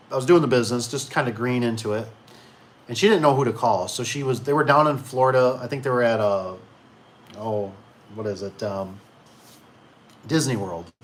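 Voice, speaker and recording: A young man telling a rambling story from his time in a trades business, interrupting himself often and raising his voice when he quotes people, then reading comments from a live stream. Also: medium pitch. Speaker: garage door business owner and stream host.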